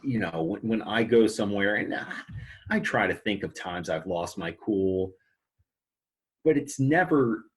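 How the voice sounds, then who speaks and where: Podcast guest: a low, husky male voice; halting, restarting storyteller. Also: animated. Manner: stammers and restarts, quotes customers. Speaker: podcast guest, movie theater manager. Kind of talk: casual storytelling chat. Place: podcast recording.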